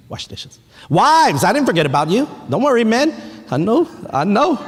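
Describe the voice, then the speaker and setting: A man in his thirties preaching a sermon as pastor, animated and playful, with family stories and asides to the congregation. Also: sits high, slow pace, pauses often, slightly rough. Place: church sanctuary. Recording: echoey church hall.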